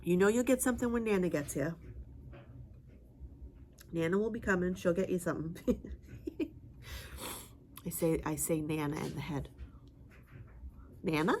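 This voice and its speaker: A woman's voice: moderate pace, pauses often, darkish tone, slight background noise. A woman chatting casually in a home vlog, rambling with fillers and talking sweetly to her dog. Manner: high sing-song voice when talking to her dog. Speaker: home vlogger.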